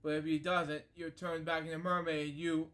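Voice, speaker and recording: A man's voice: fairly high pitch, flat delivery, normal speed, a bit bright, close to an everyday voice. A man reading as a scheming sea witch. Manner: coaxing, keeps asking "okay?". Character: scheming female sea witch making a bargain. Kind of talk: storybook read-aloud.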